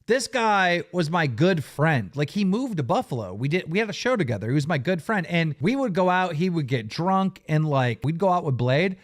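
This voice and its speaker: A man hosting a podcast, telling animated stories and laughing often. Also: a little high, normal speed, hardly any pauses. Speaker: podcast host. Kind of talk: casual storytelling.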